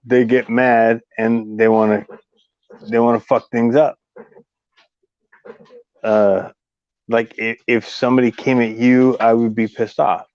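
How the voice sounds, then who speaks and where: A man from California co-hosting a casual livestream chat, blunt and profane, telling animated stories. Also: medium pitch, slow, pauses often, no echo, highs cut off.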